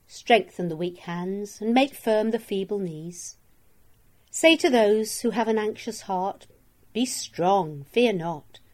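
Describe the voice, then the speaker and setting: A woman reading a daily devotional of Bible verses in a measured, solemn manner, with each verse and its reference read out. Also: mid-range voice, darkish tone. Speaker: scripture reader.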